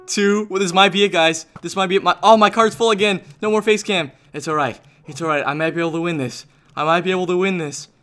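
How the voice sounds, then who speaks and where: A man giving excitable live commentary on his own gameplay, talking to his dog and his viewers. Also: fairly high pitch, clean tone. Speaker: gaming YouTuber.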